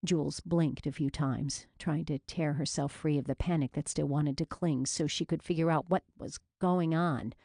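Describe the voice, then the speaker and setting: A woman narrating a romance novel as an audiobook in measured storytelling. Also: low voice, fairly even intonation, dark tone, no room sound, clean studio sound.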